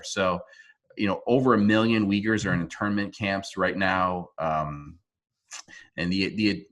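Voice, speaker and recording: Man, deep voice, interview guest, earnest, halting, video call audio. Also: a bit bright. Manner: earnest, halting, with frequent restarts. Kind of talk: remote interview.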